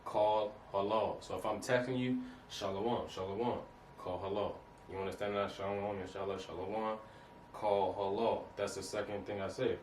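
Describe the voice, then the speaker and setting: Guy teaching a casual lesson, keeps checking u got it, lowish voice, far off mic in an echoey room. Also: steady tone, moderate pace, a little mellow. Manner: repetitive, keeps asking "you understand that?"; casual, street-style phrasing. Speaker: Hebrew teacher. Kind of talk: informal lesson over slides. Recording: roomy, distant mic, faint noise.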